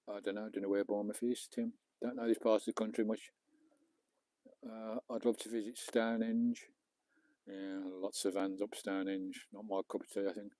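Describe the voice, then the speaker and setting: This Englishman speaks at normal speed in a lowish, dark, level voice, recorded dry through a small clip-on mic at varying distance. Working as he goes, he live-streams to viewers from a beach and his camper van, chatting casually with some light swearing.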